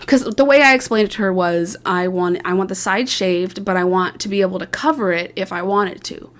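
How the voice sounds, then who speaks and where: In a medium-pitched voice, a young woman vlogger rambles to her audience, recounting her story with chatty self-deprecation, frequent fillers, and fast asides.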